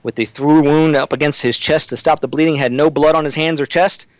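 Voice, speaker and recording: A man's voice: fairly high pitch, steady tone, fairly quick, dry recording, rough recording. A man as a guest on a talk-radio interview, speaking emphatically and often restarting his sentences.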